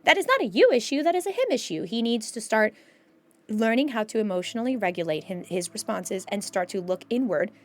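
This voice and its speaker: A woman's voice: medium pitch, expressive, a little fast. A woman in casual chat about mental health, answering chat questions emphatically and acting out her own inner thoughts.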